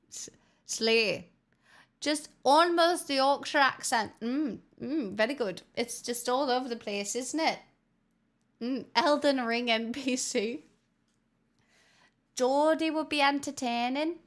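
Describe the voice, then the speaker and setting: A woman's voice: fairly high pitch, slow. A woman streamer chatting casually with her viewers, swearing freely and hopping between put-on regional accents. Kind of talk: casual livestream chat.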